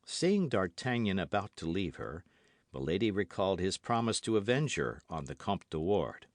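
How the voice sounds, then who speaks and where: A man narrating a classic novel as an audiobook, in an expressive, measured reading. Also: low voice, no room sound, studio quality. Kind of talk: scripted narration.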